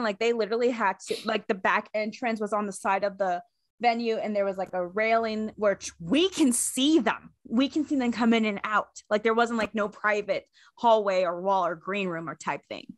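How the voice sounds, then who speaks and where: A young woman co-hosting a fan podcast, telling animated stories in casual chat and laughing often. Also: mid-range voice, moderate pace, no echo, clean studio sound. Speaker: podcast co-host.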